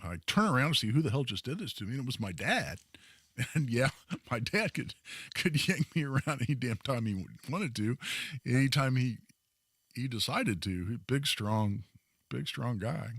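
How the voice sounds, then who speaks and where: A man hosting a talk radio show, telling a story in an emphatic, animated way. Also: mid-range voice, moderate pace, slightly rough, no room sound. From Indiana, US. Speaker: radio host.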